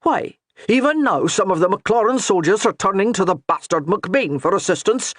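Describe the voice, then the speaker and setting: A man voicing a dour, mocking Highland priest with a thick Scottish brogue in an audiobook. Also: expressive, normal speed, a bit bright, no room sound, clean studio sound. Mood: baiting.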